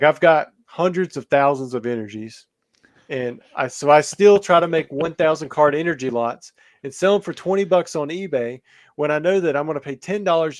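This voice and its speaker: Rambling man talking shop as a guest. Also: fairly high pitch. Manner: rambling, hedging with many fillers. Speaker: podcast guest, card seller. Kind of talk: podcast interview.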